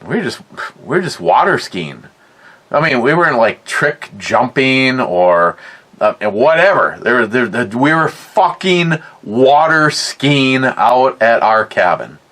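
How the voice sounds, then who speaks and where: A man's voice: mid-range voice, sing-song, slow, fairly bright tone. A middle-aged man telling a rambling, profane story in a casual way, often repeating his words. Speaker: podcast host.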